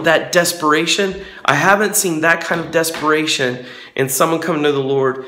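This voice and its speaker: Earnest pastor talking in an echoey space. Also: male voice, fairly high pitch, normal speed. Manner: earnest and excited, preacherly. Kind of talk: casual devotional vlog. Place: on a front porch.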